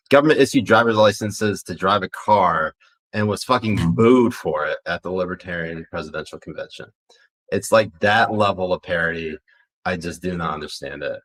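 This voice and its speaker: A man's voice: low-pitched, a bit bright, low-quality recording. A man co-hosting a casual political podcast, blunt and profane, rambling with frequent restarts. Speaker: podcast co-host.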